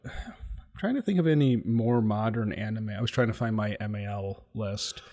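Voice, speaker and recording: A man's voice: on the low side, normal speed, darkish tone. A man co-hosting an anime review show in casual chat, rambling and laughing often.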